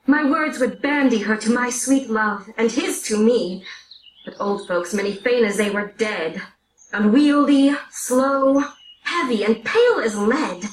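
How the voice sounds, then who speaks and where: A woman reads the part of an eager young girl in love who begs impatiently for news, in a high voice. It is a classroom play reading, heard from far off in an echoing room with faint noise. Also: unhurried, lightly acted. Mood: yearning. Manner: eager, pleading. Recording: roomy, picked up from far off.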